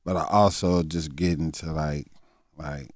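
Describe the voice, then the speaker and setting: Deep-voiced man in his fifties, halting. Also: steady tone, darkish tone, no echo, clean studio sound. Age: 50s. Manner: halting, reflective, many fillers and restarts. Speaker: guest comedian. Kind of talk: candid interview talk.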